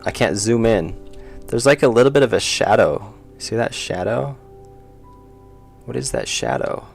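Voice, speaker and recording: A man's voice: mid-range voice, lively intonation, measured pace, gravelly, soft background music. A young man streaming his indie game development, talking casually and muttering to himself with self-deprecating asides as he draws. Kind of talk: casual livestream commentary while drawing.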